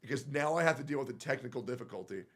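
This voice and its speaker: A man's voice: medium pitch, lively intonation, racing, a bit bright. Young man ranting angrily on stream. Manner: angry, heavily profane venting. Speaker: game streamer. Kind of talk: casual livestream rant. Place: his own messy room. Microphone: headset.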